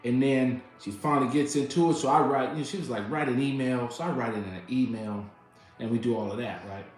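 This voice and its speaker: American dude venting about getting wronged, gets loud and worked up, super echoey room, some music in the back. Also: male voice, mid-range voice, brisk. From United States. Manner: animated, exasperated, yells when reenacting arguments; colloquial, double negatives. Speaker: vlogger. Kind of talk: casual storytelling rant.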